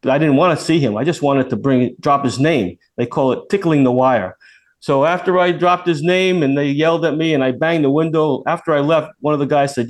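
Older guy on a radio show telling a long story, bit higher voice, keeps doing the voices of the people in it. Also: brisk. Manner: animated, acts out quoted voices, many restarts. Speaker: interview guest, retired federal agent. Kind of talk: casual storytelling.

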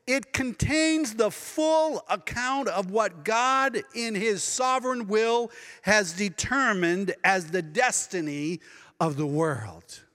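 A man preaching a sermon as pastor, dramatic and expressive, now and then acting out the voices of people he quotes. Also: high voice, slow pace, in a large hall. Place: church sanctuary.

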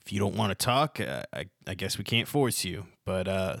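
A man's voice: low voice, sing-song, normal speed, vocal fry, fairly bright tone, no room sound, clean studio sound, exaggerated voice. A game master doing the voice of nervous male town guards who stammer and hesitate. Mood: resigned.

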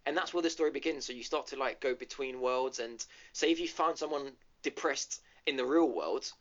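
A man's voice: medium pitch, brisk, fairly bright tone. Rambling man on a podcast. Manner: rambling storyteller, many ums and restarts. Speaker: podcast co-host. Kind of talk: casual gaming podcast chat. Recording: dull lo-fi audio.

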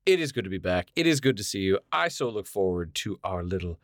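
A man co-hosting a podcast, with playful, self-mocking banter that rambles on. His pitch swings widely. The sound is dry and close to the mic. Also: big pitch swings, a little fast, dry recording. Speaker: podcast co-host. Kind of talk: casual banter.

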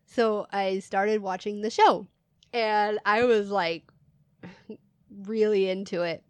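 A woman's voice: medium pitch, steady tone, slow, darkish tone, smooth, no room sound. A young woman co-hosting a casual comedy chat, telling stories and laughing often. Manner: giggly storyteller, laughs often through her stories. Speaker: podcast co-host.

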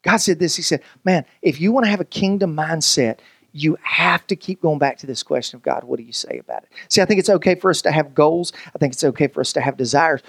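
A man preaches with a high-pitched voice, joking with the congregation as if chatting with friends. He backs up and restarts his sentences often as he works toward a point. The sound is dry and close, with no room echo. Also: fast talker, vocal fry, fairly bright tone, slightly rough. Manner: conversational, joking, many restarts. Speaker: pastor. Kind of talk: sermon.

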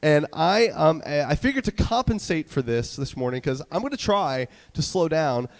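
A man from New York preaching a casual sermon as a church's student director, talking fast with many fillers while a bit stuffy from a cold. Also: a little high, sing-song, long reverb tail. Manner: quick-talking, chatty, many fillers and restarts. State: stuffy, getting over a cold. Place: church sanctuary.

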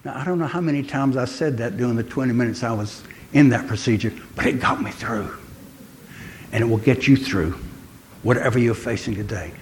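An older man preaching a sermon in an earnest way, pausing often and slowing down to stress key words. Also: medium pitch, slight background noise. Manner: earnest, pausing, slows for emphasis.

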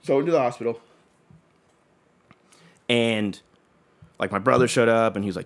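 A man's voice: mid-range voice, normal speed. A young adult man telling a long personal story in casual chat, rambling with lots of fillers and swearing.

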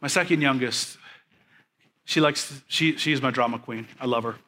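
A pastor in his thirties preaching a sermon, building emphatic repeated lines, then dropping into soft, quiet stories about his family. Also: medium pitch, moderate pace, a little hiss or hum. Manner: preaching with rising, emphatic repetition; drops to a soft, quiet storytelling voice.

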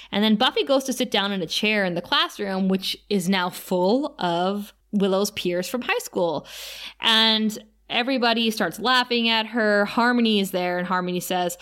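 A woman's voice: medium pitch, normal speed, smooth. Chatty woman recapping a TV episode. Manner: chatty and animated, laughs often. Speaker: podcast co-host. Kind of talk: casual chat recapping a TV episode.

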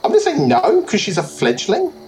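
Hesitant game master with lively pitch. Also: a little fast, a crowd in the background, low-quality recording. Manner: hesitant, many fillers, thinks aloud. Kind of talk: running a tabletop game.

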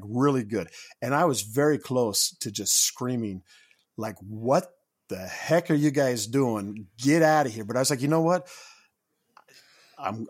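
A man co-hosting a podcast, telling a story in casual chat with animated, rising indignation. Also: mid-range voice, breathy edge. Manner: animated, rising to loud indignation when quoting himself. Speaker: podcast co-host.

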